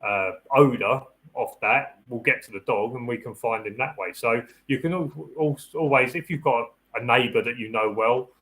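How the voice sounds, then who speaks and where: A man's voice: medium pitch, moderate pace, a bit bright, poor audio. A man, a security dog handler hosting a live Q&A, giving practical advice in a casual, rambling way. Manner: practical and chatty, repeats and restarts phrases; acts out the dog's thoughts in a raised voice.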